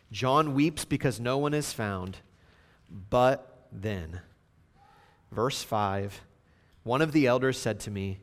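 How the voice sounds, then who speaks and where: A man preaching a sermon, swinging between hushed, slow passages and loud, emphatic outbursts. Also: medium pitch, long reverb tail. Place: church sanctuary.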